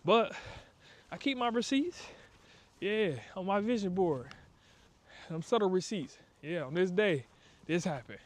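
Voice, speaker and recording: A man's voice: high voice, animated, unhurried, pauses often. A man giving a casual motivational talk on a walk, emphatic and preachy, with slang and acted-out asides. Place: outdoors on a walk.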